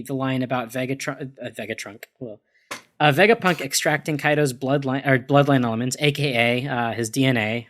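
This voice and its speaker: A man's voice: medium pitch, a bit bright. Man musing with lots of fillers. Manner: hesitant, thinks aloud with many fillers and restarts. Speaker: podcast panelist. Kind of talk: casual discussion podcast.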